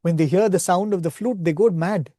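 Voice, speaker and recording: Man, spiritual retreat speaker, devotional storytelling, earnest, warm voice, dry sound. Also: high-pitched, fairly quick, dry recording. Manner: earnest, retells scripture stories, often asks "right?".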